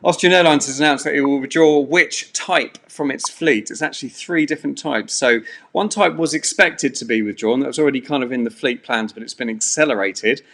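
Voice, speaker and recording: A man runs a live-streamed pub quiz from a bedroom at home. His voice sits at an ordinary middle pitch. He talks in a loose, rambling way with plenty of fillers. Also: brisk, vocal fry, fairly bright tone. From England. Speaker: quiz host.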